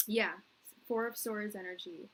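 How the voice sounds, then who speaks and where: A woman's voice: mid-range voice, measured pace, fairly bright tone, rough recording. A woman in her thirties giving a live tarot reading, rambling and earnest, full of restarts and "like", at times teary. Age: 30s. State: tearing up. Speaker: tarot reader.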